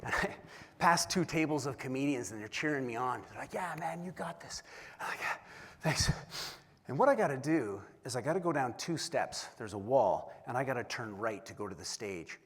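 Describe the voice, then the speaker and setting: Husky man telling a story in a hall. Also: medium pitch, a little fast. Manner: animated, self-deprecating storyteller who acts out voices. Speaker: keynote speaker. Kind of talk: storytelling keynote speech. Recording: long hall reverb.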